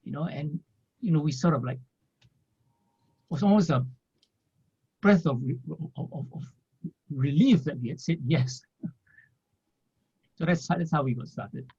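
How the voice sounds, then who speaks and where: A man, a former financial planner, telling his story in an interview in a rambling way, filling pauses with "you know" and small laughs. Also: on the high side, mellow, breathy edge. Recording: dull lo-fi audio.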